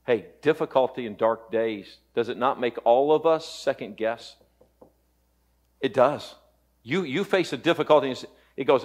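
A male pastor delivering a Sunday sermon, an impassioned preacher who swings between loud peaks and hushed, low passages.

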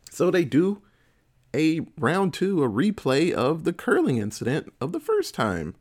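A man's voice: on the high side, huge pitch swings, a little slow. A man in casual chat, retelling a movie plot in a profane, laughing storytelling manner.

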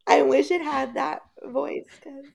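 A woman's voice: high-pitched, fairly even intonation, a little slow, creaky, a little mellow. A woman co-hosting a podcast, chiming in with short amused reactions. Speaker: podcast co-host. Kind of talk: casual chat.

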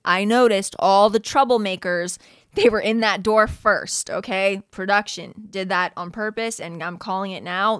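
A woman's voice: medium pitch, a bit bright, smooth, dry recording, clean studio sound. A young woman hosting a podcast, chatting casually, with lots of "like", frequent laughs and easy swearing. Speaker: podcast host recapping a reality show. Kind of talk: casual chat.

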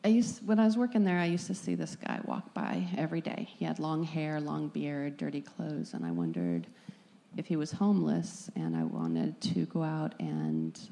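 Low, gravelly woman in her forties. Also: big pitch swings, normal speed, dark tone. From California, US. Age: 40s. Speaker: guest. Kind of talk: interview in a sermon.

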